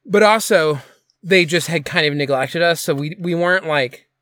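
A man chatting on a podcast about the store where he used to work. He talks in a halting way, with many fillers, and his voice sits a little high. The recording is close and dry. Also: fairly bright tone, no echo. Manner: rambling, hesitant, with many fillers. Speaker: podcast co-host; former coffee shop worker. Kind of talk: casual chat.

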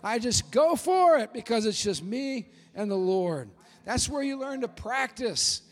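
Fervent high-voiced male pastor preaching. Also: expressive, a little slow, in a large hall. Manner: fervent, emphatic, at times shouting. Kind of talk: sermon.

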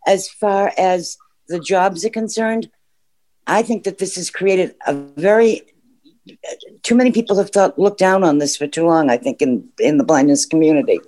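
Earnest caller making points. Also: male voice, high-pitched, normal speed, a little mellow. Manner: earnest, loses track of thoughts. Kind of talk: call-in comments.

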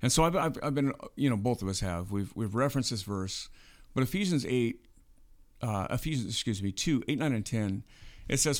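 A man's voice: medium pitch, animated, moderate pace. A man co-hosting a podcast, talking through faith in a casual, earnest way and often checking in with "right?". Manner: earnest, explaining with frequent "right?". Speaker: podcast co-host.

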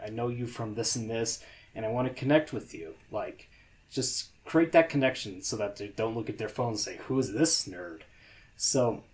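A man's voice: mid-range voice, darkish tone. A young man co-hosting a casual podcast, talking in a loose, hesitant way with lots of fillers and restarts. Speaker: podcast co-host.

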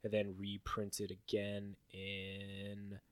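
A podcast co-host with a fairly low voice chats casually about card game results, speaking extremely slowly on a dry recording. He rambles through the stats with plenty of fillers, getting animated whenever he lists numbers.

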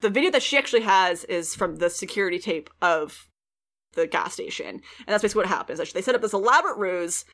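A woman at a middle pitch talks through a show's episode plot for her podcast. She keeps it loose and chatty, swearing freely and slipping into voices for the characters. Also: fast talker. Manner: animated, swears freely, acts out quotes. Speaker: podcast host recapping a TV show. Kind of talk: casual chat.

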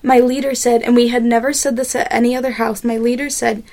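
A woman guest telling a lively personal story in a podcast interview, with lots of fillers and acted-out quotes. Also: fairly high pitch, fast. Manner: animated storyteller, many fillers and quoted asides.

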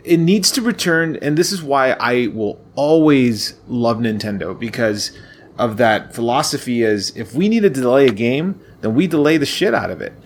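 A man speaks at a mid pitch on a casual gaming podcast. He rants, plainly exasperated, and builds his points at length. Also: lively intonation, normal speed, a little hiss or hum. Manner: ranting, exasperated.

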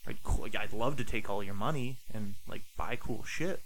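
A man's voice: fairly low pitch, moderate pace, a little hiss or hum, poor audio. A man who trains dogs, talking as a podcast guest in a laid-back way, full of "like" and swearing. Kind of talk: casual podcast chat.

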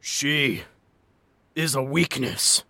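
A man voicing a dying male Cyclops giant, rasping and gasping out scornful words. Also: mid-range voice, drawn-out words, bright, forceful tone, dry recording, voice pushed down, heavily acted.

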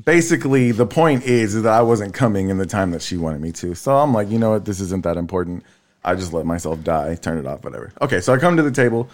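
A man in his thirties telling a family story in casual chat, tired, swearing freely and leaping up in pitch when he quotes people. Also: fast talker, few pauses. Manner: animated storyteller, swears freely, jumps high when quoting. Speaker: podcast co-host.

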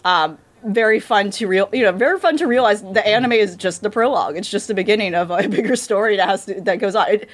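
A woman's voice: medium pitch, fast, few pauses. A woman co-hosting a podcast, chatting casually and rambling with many fillers and restarts. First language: English. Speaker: podcast co-host. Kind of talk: casual chat about anime dubs.

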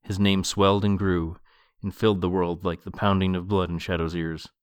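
A man hosting a podcast, reading a novel aloud in a calm, measured way and then chatting about the page. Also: low voice, clean tone, dry recording. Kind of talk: book reading and commentary.

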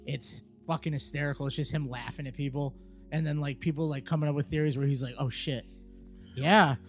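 A man co-hosting a casual horror-movie podcast, animated and swearing freely, with music faint behind him. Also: fairly high pitch, fast. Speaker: podcast co-host. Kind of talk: casual chat.

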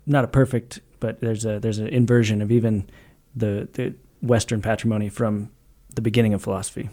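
A man's voice: lowish voice, little pitch movement, a little fast, warm tone. A man co-hosting a podcast, talking through ideas hesitantly in a casual discussion. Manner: hesitant, searching for words.

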